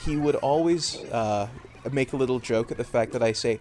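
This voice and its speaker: A man's voice: mid-range voice, normal speed, hardly any pauses, background noise. A Canadian man chatting casually on a live game stream, rambling and hesitant with many fillers.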